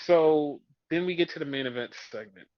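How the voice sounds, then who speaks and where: A man's voice: fairly high pitch, fairly quick, no room sound, lo-fi sound. A man co-hosting a podcast, ranting with exasperation about a wrestling show and swearing freely. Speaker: podcast co-host. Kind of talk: casual wrestling review chat.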